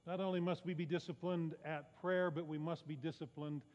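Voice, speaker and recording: A man's voice: on the high side, steady tone, brisk, a little mellow. A man preaching a sermon, talking conversationally with rhetorical questions and self-deprecating asides. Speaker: pastor. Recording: muffled sound with long reverb in a large hall.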